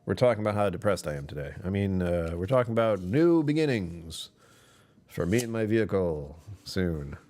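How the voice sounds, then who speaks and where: A man hosting a casual livestream, rambling and self-deprecating as he chats with viewers and chuckles often. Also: moderate pace. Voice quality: deep voice that sometimes drops even lower. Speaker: live streamer hosting his channel.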